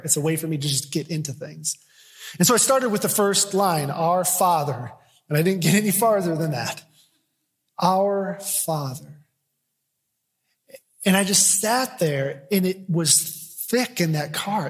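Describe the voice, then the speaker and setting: Male pastor, sermon, emphatic then hushed, long church-hall reverb. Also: fairly high pitch. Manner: swings from loud emphatic preaching to quiet intimate storytelling.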